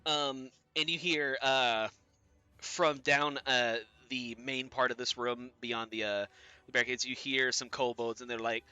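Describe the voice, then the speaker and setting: Bright-voiced man running a game. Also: medium pitch, steady tone, a little slow, smooth, dry recording, faint music behind. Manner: hesitant, many ums. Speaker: game master. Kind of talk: narrating a tabletop game.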